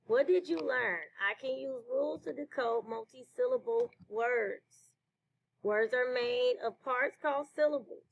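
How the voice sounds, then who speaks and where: A woman teacher leading a slow phonics lesson for children, praising answers. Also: sits high, dull audio. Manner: slow, clear classroom delivery with praise.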